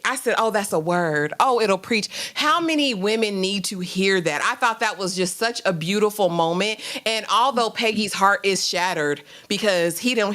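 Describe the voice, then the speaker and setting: A woman co-hosting a live TV recap, chatting casually and acting out characters' lines with animated delivery. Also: medium pitch, normal speed, few pauses. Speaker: podcast co-host.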